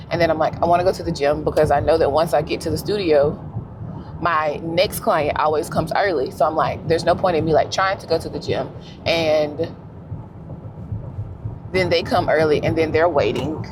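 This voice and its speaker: A young woman vlogging while driving, telling stories in a relaxed, slangy way. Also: low-pitched, normal speed, noisy background. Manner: animated storytelling with slang and laughs. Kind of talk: casual vlog chat. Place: in a car.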